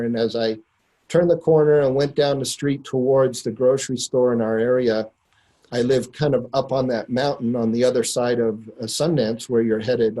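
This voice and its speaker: A middle-aged man with a mid-range voice tells a personal story to a listener. He speaks in an earnest, unhurried way, pausing often and using fillers as he goes. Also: medium pitch, warm tone, poor audio. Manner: unhurried, earnest retelling with many pauses. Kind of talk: personal anecdote told to a listener.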